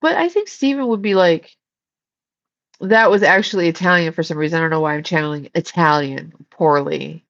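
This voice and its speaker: A woman's voice: low-pitched, normal speed, a bit bright, lo-fi sound. A woman hosting a casual livestream, chatting and giggling as she reads viewer comments. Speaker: psychic livestream host.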